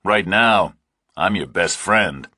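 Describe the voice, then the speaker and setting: Terse tough hero, forceful and a bit husky, read by a male narrator. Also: low-pitched, animated, takes it slowly, no room sound, studio quality, exaggerated voice. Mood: firm. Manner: blunt, terse, firm. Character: blunt, steady ex-military drifter hero.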